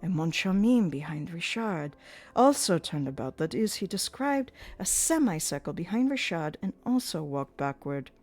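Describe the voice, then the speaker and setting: A woman's voice: fairly low pitch, sing-song, normal speed, a little mellow, faint music behind. A woman voicing an agitated male opera secretary who exclaims in rising outbursts. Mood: indignant.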